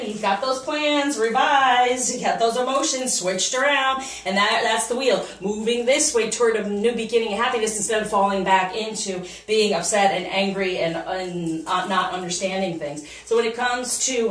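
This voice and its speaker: In an echoey room, a woman with a fairly high voice gives a casual tarot reading as a spiritual coach, speaking at normal speed. She sounds upbeat and encouraging, animated with laughter and quoted asides. Her voice sits a bit far from the mic, with faint noise.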